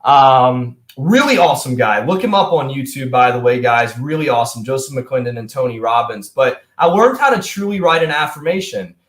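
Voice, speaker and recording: A young man giving an energetic, emphatic motivational talk as a coach, speaking straight to his viewers. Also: medium pitch, normal speed, hardly any pauses, reverberant.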